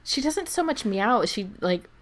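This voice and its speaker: A woman co-hosting a podcast, telling an animated story in casual chat, acting out the people she quotes and laughing often. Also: mid-range voice, a little slow. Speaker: podcast co-host.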